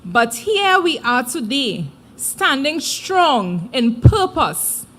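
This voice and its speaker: A woman giving a formal prepared address at a live event, measured and deliberate. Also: sits high, big pitch swings, fairly bright tone. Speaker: committee speaker.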